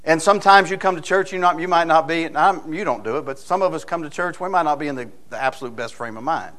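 Folksy preacher man, higher-pitched voice. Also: fast, fairly bright tone. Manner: folksy and storytelling, with frequent rhetorical questions. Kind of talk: sermon.

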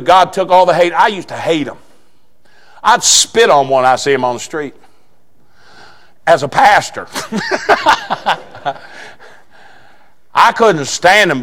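High-voiced folksy preacher. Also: male voice, very animated, moderate pace, long pauses. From southeastern Indiana. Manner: folksy storytelling with bursts of shouting. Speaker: pastor. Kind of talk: sermon.

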